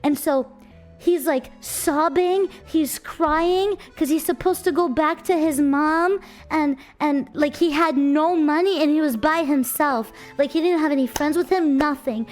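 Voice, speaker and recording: A young woman with a notably high voice tells a story in an animated, casual streamer style. She keeps checking in with her listeners, and faint music plays behind her. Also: unhurried. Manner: animated, chatty, checks in with "right?".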